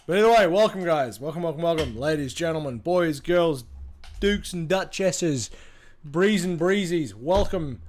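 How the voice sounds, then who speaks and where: A man's voice: on the high side, darkish tone. A man, chatting casually with his live-stream audience, swearing freely and greeting viewers by name, tired from little sleep. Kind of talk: casual gaming stream chat. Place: home room with a large bookshelf.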